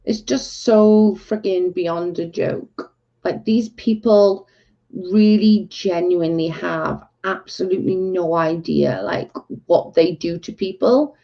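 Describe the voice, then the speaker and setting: A woman hosts a casual livestream, ranting in exasperation and saying "like" a lot. Her mid-range voice is slow-paced with fairly even intonation, and the stream audio is dull and lo-fi.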